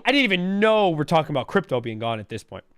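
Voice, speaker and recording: A man's voice: fairly high pitch, sing-song, quick pace, a bit bright, no room sound. A man in his thirties calling in, telling a story in casual chat, full of "bro" and "dude" and imitating alert sounds. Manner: says "bro" and "dude" a lot. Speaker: caller.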